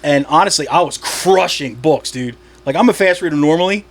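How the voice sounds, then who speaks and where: A man's voice: fairly high pitch, fairly quick. A man, a stand-up comic from Delaware, chatting on a podcast in a rambling way, laughing at his own jokes and swearing casually.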